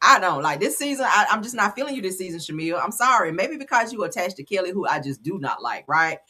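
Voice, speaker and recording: Woman host, bright lively voice, blunt playful gossip chat. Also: mid-range voice, fast, slightly rough. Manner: animated, laughing, blunt and playful. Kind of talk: casual commentary on celebrity gossip.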